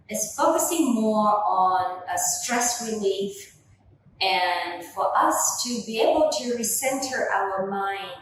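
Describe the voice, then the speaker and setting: A young woman leading a gentle Pilates workout with slow, soothing cues, filmed on a camera from across the room. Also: medium pitch, a little hiss or hum. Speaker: Pilates instructor. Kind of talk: guided workout instruction. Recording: echoey room, voice from a distance.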